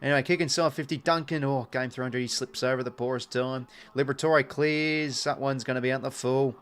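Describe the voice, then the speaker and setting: An Australian man commentating a footy match live on his stream, mid-pitched and chatty. He calls the play in quick bursts and turns to talk with his viewers between the action. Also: fairly even intonation, fairly bright tone, clean tone. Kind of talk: casual live watch-along commentary.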